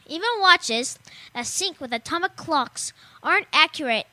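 A woman's voice: sits high, expressive, unhurried, bright, forceful tone, no room sound. A young woman co-hosting a casual tech show, rambling and joking and laughing often as she reads out gadget news. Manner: giggly, rambling, jokey, reads then riffs. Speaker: show co-host.

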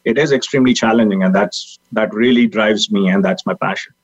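A man's voice: lowish voice, fairly quick, breathy edge. A man speaking earnestly as a podcast guest over a video call, with frequent fillers. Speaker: guest, technology leader. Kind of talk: casual interview talk. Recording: dull lo-fi video call audio.

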